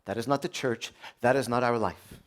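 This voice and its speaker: A priest delivers a conversational sermon, putting questions to his listeners and moving between hushed prayer and loud exclamation. His voice sits in the mid range at a moderate pace.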